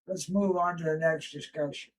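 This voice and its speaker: High-voiced man, far from the mic. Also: steady tone, moderate pace. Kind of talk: livestream chat.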